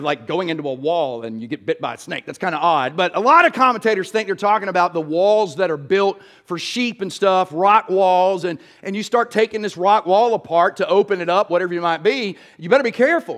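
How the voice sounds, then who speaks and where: A man's voice: high voice, animated, a little fast, a bit bright. A male pastor, preaching a sermon in a church in a folksy, storytelling way and asking the crowd "y'all".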